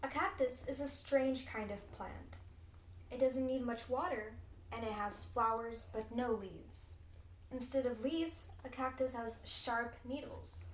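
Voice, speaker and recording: A teenage girl reads a children's storybook aloud, expressive and deliberate. Her voice is fairly high. The recording is roomy and echoey, with a faint hum behind it. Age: teens. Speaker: storybook reader. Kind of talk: children's read-aloud narration.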